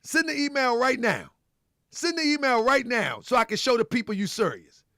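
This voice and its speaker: A man hosting a live show, loud and animated, laughing often, repeating himself and calling out to his chat and callers. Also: very high voice, normal speed, no room sound, studio quality. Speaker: livestream show host.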